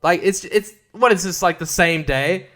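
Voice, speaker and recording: Animated, exasperated male podcast host. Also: high-pitched, normal speed. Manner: animated, exasperated, swearing, mimics characters. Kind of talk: casual ranting review.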